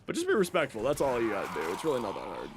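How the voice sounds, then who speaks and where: While playing a video game on stream, a young man chats easily with viewers and responds to their messages. His medium-pitched voice races along with huge pitch swings and vocal fry, over game sound and background noise.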